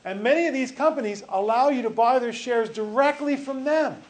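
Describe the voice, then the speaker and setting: Guy teacher lecturing a class, kinda high voice, cracks jokes, rambles and restarts a lot. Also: normal speed, slight background noise. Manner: joking, rambling, self-correcting.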